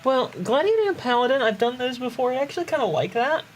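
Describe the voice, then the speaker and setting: A woman's voice: sits high, sing-song, quick pace, a little hiss or hum. A woman streaming a game, chatting casually and giggling often. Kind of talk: casual gameplay chat.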